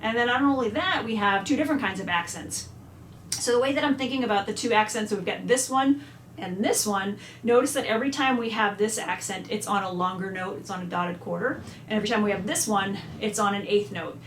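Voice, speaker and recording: A woman's voice: mid-range voice, brisk, slight background noise. A woman giving a chatty music lesson, now and then singing phrases out on syllables. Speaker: music teacher. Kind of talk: instrument lesson walkthrough. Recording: echoey room, faint ambience.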